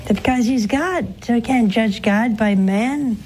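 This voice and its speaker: Slow, earnest nun preaching. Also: female voice, a little high, a little mellow, slightly rough, low-quality recording. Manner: slow, earnest, swooping up for emphasis. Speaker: nun hosting a call-in show. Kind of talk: preaching and answering callers.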